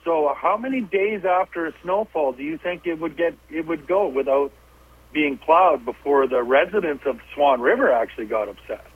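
Man, radio host, higher voice, husky, thin phone-like sound, agreeable. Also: expressive, normal speed. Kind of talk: casual radio interview. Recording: tinny phone-like line.

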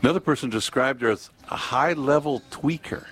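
A man's voice: mid-range voice, brisk, fairly bright tone, husky, faint music behind. A man co-hosting a talk show, reading out news items and joking around in casual chat. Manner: rambling, joking, reading news stories aloud. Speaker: radio co-host.

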